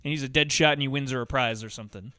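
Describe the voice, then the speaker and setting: A man co-hosting a casual movie podcast, talking quickly and chattily and adding plot details. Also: mid-range voice, crowd noise. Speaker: podcast co-host. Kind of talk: casual movie review chat.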